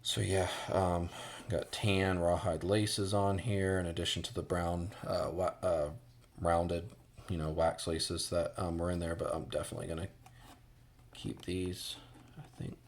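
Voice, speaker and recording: A man's voice: deep voice, little pitch movement, a little slow. An American man giving a casual boot review, rambling with many fillers and restarts.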